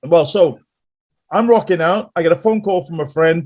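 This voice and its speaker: A man's voice: fairly high pitch, moderate pace. Chatty male musician guest. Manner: animated rambling storyteller. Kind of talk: casual interview chat.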